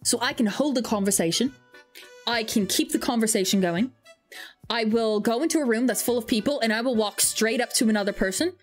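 A woman's voice: a little high, brisk, faint music behind. Rambling young woman streamer. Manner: rambling, self-deprecating storytelling with frequent fillers. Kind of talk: casual gaming stream chat.

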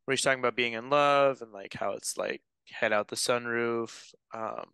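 A man's voice: medium pitch, moderate pace, gravelly, sharp tone, smooth, dry recording. A young man co-hosting a casual music chat, teasing his partner and thinking aloud with many fillers. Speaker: podcast co-host.

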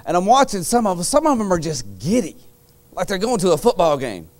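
A pastor, preaching in a church and telling a dream as a story, switching between loud acted-out lines and a low, quiet voice for serious points. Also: sing-song, brisk. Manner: storytelling, acts out quoted lines with sudden loud jumps. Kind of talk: sermon. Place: church sanctuary.

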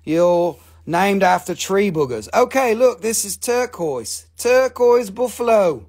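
This mineral seller's voice sits high and a little mellow, slow and expressive with vocal fry. He hosts a casual live sale of stones, rambling, cracking jokes and swearing throughout.

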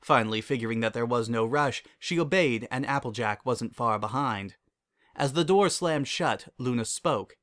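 A man narrating a dramatic reading of fan fiction in an even, measured way. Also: mid-range voice.

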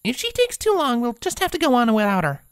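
Anxious bookish unicorn mare voiced by a guy, earnest tense high voice, storybook. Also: huge pitch swings, fast talker, fairly bright tone, clean tone, no room sound, clean studio sound, full character voice. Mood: composed.

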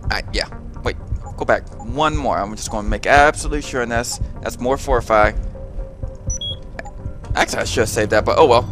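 A man giving casual let's-play commentary, excitable and quick to exclaim. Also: mid-range voice, soft background music.

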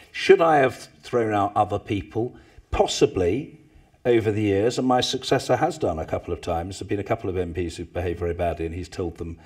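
Man, 60s, husky, low voice, anecdotal, mimics others loudly. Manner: animated storyteller, mimics others with loud bursts. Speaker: former parliamentary speaker, guest. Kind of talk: anecdotal talk to a live audience.

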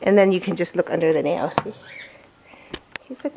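A woman's voice: lowish voice, moderate pace, vocal fry, dark tone. A woman doing a casual how-to vlog as a pet owner, chatty, coaxing and enthusiastic.

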